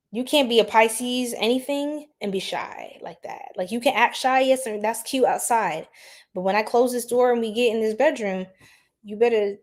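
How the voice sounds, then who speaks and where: A woman with a New York accent hosting a casual astrology livestream, sassy and playful, laughing often and repeating herself. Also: a little high.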